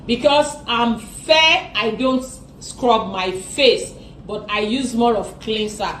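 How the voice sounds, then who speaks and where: A woman giving an earnest, repetitive product pitch as a skincare seller. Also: slow pace, fairly bright tone, far from the mic. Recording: echoey room with faint noise.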